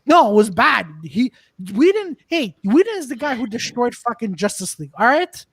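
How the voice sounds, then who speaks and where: A man's voice: extremely high pitch, very animated, moderate pace, a bit bright, breathy edge, no echo. Brief: male podcast co-host, fired-up rants, swears freely, dry booth sound. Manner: ranting, swearing, reads out chat comments. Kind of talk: casual comedy podcast chat.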